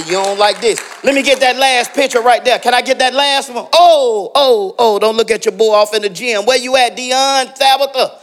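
A middle-aged man preaching a sermon, telling personal stories, calling out congregation members by name and building to shouted exhortations. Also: extremely high pitch, moderate pace.

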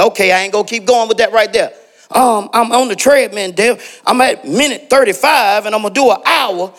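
A middle-aged man preaching a sermon, telling personal stories, calling out congregation members by name and building to shouted exhortations. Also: high-pitched, brisk.

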